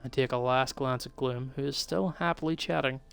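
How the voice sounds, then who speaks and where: A man's voice: mid-range voice, moderate pace, creaky, a bit bright, smooth, soft background music. A man streaming, reading a visual novel aloud in a plain, easy voice. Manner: reads narration and the hero's lines in a plain, easy voice.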